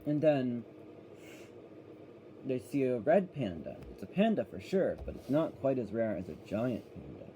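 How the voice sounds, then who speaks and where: A man's voice: medium pitch, very animated, unhurried, mellow, a little hiss or hum, poor audio. A man giving a casual, rambling review of a children's cartoon, often correcting himself as he goes.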